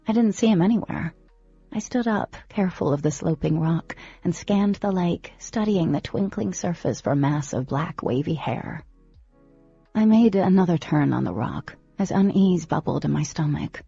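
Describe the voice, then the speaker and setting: A woman narrating a first-person audiobook in an expressive, dramatic storytelling manner, on a close microphone. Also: on the low side, normal speed, creaky, breathy edge, dry recording, muffled recording, faint music behind.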